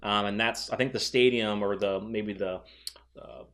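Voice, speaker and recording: A man's voice: on the low side, steady tone, moderate pace, a bit bright. A man co-hosting a comic book review show, chatting loosely and laughing often as he recaps the panels. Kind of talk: casual chat.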